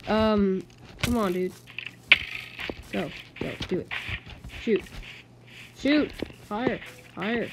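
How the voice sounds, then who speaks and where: A woman's voice: mid-range voice, extremely slow, pauses often, noisy background. A woman hosting a channel, giving casual running commentary on her game and pleading with the creatures on screen. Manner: chatty, exasperated, talks to game mobs. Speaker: gaming channel host.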